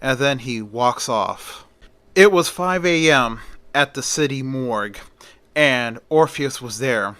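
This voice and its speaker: A man's voice: medium pitch, slow pace, fairly bright tone, dry recording. A man casually retelling a story in a conversational way, with fillers.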